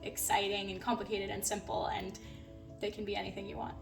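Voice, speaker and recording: A woman's voice: medium pitch, monotone, a little fast, creaky, far from the mic, soft background music. A woman demonstrating a salad recipe in a kitchen, chatty and gushing about the food. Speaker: guest cook. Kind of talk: cooking demonstration chat. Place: home kitchen.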